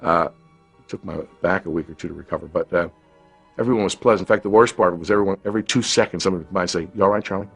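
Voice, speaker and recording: A man in his fifties, an actor telling a reflective, unhurried anecdote from a film shoot in an interview. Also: deep voice, gravelly, husky, soft background music.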